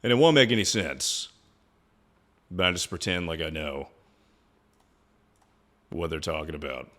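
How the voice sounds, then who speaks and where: A man's voice: sits low, lively intonation, measured pace, a bit bright. A man streaming live, chatting loosely and jokingly, swearing often and calling everyone "dude". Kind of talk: casual livestream chat.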